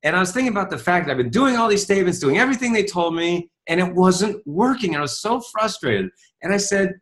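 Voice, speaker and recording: A man in his fifties tells his story as an interview guest, voicing the people in it with sudden jumps upward. His voice sits a little high for a man. He speaks with the ease of a seasoned speaker. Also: quick pace, hardly any pauses. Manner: animated, acts out quoted dialogue with rising pitch.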